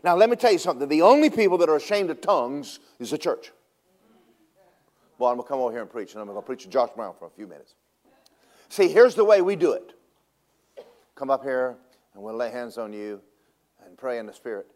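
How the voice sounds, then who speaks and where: A man preaching from the pulpit, swinging from booming declarations to hushed, confiding asides. He tells humorous stories and chuckles at his own jokes, his voice rising and dropping as he goes. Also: brisk, long pauses. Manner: animated, shifts from loud preaching to hushed asides. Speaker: pastor. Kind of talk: sermon.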